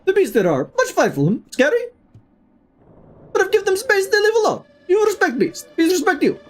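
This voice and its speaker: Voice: very high-pitched, wildly swooping pitch, moderate pace, voice pushed up, heavily acted. A streamer voicing a jolly flea with a put-on Russian accent, speaking joking, broken English. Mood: jovial.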